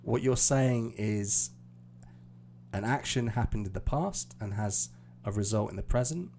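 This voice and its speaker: Slow gravelly British teacher. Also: male voice, on the low side, a little mellow, slight background noise. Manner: explaining patiently, hesitant fillers. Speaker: IELTS teacher. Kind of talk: live stream lesson.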